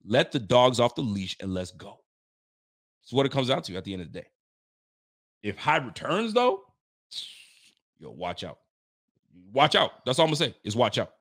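A young man hosting a sports fan livestream, ranting with animated energy, swearing freely and repeating catchphrases. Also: mid-range voice, fairly quick, long pauses. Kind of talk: casual fired-up sports commentary.

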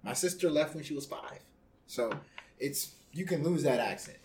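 A man co-hosting a music podcast in casual chat, animated and laughing, jumping high in pitch for emphasis. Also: moderate pace, a little hiss or hum. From born in Louisiana, raised in Virginia. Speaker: podcast co-host.

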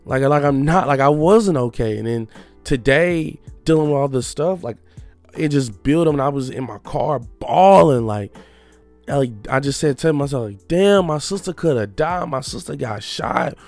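A young man making a personal confession in a halting, reflective way, often restarting his sentences. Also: medium pitch, darkish tone, soft background music.

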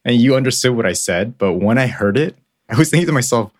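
A man co-hosting a podcast, telling stories in a relaxed, self-deprecating way. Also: mid-range voice, quick pace. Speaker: podcast co-host. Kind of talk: casual podcast chat.

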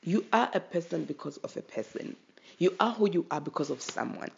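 A South African host talks straight to listeners in a casual podcast monologue, emotional and pressing. The voice carries heavy vocal fry. The recording sounds dull and lo-fi. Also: medium pitch, expressive, brisk. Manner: emotional and impassioned, urging listeners.

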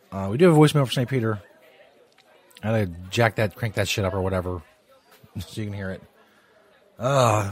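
A man's voice: medium pitch, slightly rough. Profane, rambling male radio host. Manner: rambling, profane, laughing asides. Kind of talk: crude casual live radio talk.

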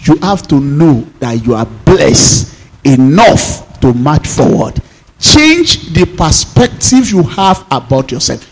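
A man's voice: on the high side, big pitch swings, slow, low-quality recording. A man preaching a sermon as pastor, emphatic and full of repeated rhetorical questions.

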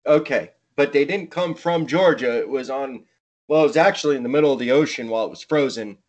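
A man's voice: mid-range voice, quick pace, highs cut off. A man co-hosting a podcast, rambling in crude, sarcastic, profane banter. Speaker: podcast co-host.

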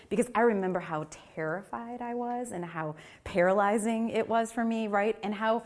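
A woman giving a keynote speech at a live event, telling lively personal stories and acting out family members' voices. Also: normal speed, hardly any pauses. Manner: animated, acts out family voices with big pitch jumps. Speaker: keynote speaker.

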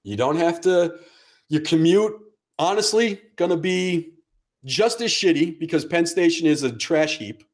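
Speaking a little slowly in a fairly high voice, this man co-hosts a sports podcast. His take is sarcastic and blunt, with casual swearing throughout.

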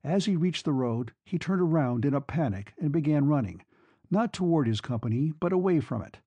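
A man narrating a classic novel in a steady, measured reading. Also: a little high, no room sound, highs cut off. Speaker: audiobook narrator. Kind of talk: scripted narration.

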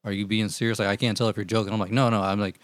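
Low-voiced guy telling a wild story fast, cussing, doing everybody's lines. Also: no room sound, studio quality. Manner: profane, animated storytelling, acts out quotes. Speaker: storyteller among friends. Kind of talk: casual chat, telling stories.

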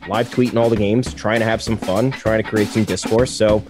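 A man's voice: lowish voice, steady tone, brisk, music in the background. A man co-hosting a sports podcast, talking in a loose, laid-back, profane way. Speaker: podcast co-host. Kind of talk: casual sports podcast chat.

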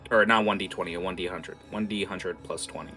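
A man's voice: deep voice, fairly quick, sharp tone, soft background music. A man narrating as game master, loose and full of fillers.

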